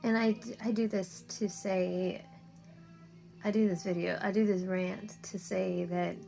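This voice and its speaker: Weary woman with a gravelly, flat voice. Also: medium pitch, unhurried, soft background music. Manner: weary, frustrated, swearing often. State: tired, near tears. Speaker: content creator. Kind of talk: emotional rant to camera.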